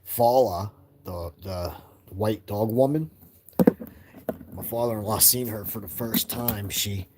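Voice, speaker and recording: On a noisy livestream at night, a man sits indoors by a window, rambling easily to his chat and his young son and chuckling often. His voice is fairly low, and he speaks slowly with long pauses.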